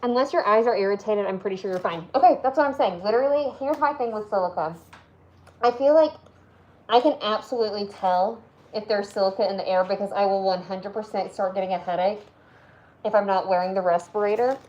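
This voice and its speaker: A woman's voice: medium pitch, a little fast, darkish tone, muffled recording. Tennessee woman, stream host, chatty and offhand while working. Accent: Southern US, Tennessee. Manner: chatty, lots of "like" and asides. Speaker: live-stream host, flower preserver. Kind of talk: casual chat while working.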